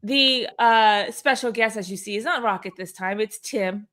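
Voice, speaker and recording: A woman's voice: fairly high pitch, normal speed, fairly bright tone. Chatty upbeat woman hosting a call. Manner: upbeat, chatty, many fillers and restarts. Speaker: host of a weekly company community call. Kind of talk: casual livestream chat.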